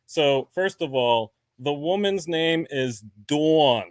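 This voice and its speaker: Animated man with a New Jersey accent. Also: fairly high pitch, slow, no room sound. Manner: animated storyteller, acts out quoted voices. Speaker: guest beekeeper. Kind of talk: casual chat.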